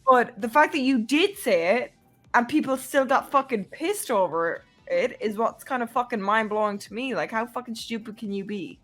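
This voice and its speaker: A woman with a slightly high voice, speaking indignantly in a casual group chat and swearing heavily. Faint music plays behind her. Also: expressive, moderate pace, fairly bright tone. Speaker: streamer guest.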